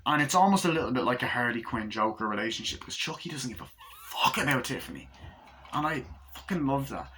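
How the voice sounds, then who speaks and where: A man's voice: mid-range voice, expressive, fast, sharp tone, a little hiss or hum. A man giving a casual, rambling movie review, enthusiastic and swearing often.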